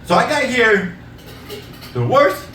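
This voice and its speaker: A man with a high, bright voice swings up and down in pitch as he tells his stand-up stories, laughing at his own punchlines. He is heard on a stage mic from some distance, in a roomy, echoing theater. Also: takes it slowly, a little hiss or hum. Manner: loud, animated storytelling, laughing at own jokes. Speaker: stand-up comedian. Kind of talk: stand-up comedy set. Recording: echoey room, mic from a distance.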